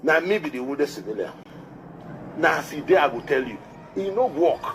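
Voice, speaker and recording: A man's voice: on the high side, big pitch swings, normal speed, slight background noise. A man with a Nigerian accent giving a livestreamed political commentary, emphatic and scolding, repeating his points.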